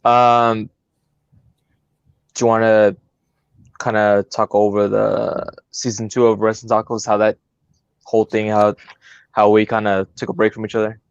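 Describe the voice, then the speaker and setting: A man's voice: on the low side, flat delivery, measured pace, pauses often, smooth, no echo. A man co-hosting a podcast, talking in a hesitant, filler-heavy way and laughing often. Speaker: co-host. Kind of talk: casual podcast chat. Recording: dull lo-fi sound.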